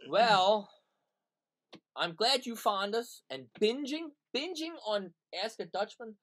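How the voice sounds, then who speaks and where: A man's voice: sits high, expressive, slow pace, fairly bright tone. A man from Pennsylvania co-hosting in loose, comedic banter. His voice swings widely up and down as he teases and trades jokey insults. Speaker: co-host, resident Pennsylvania Dutchman.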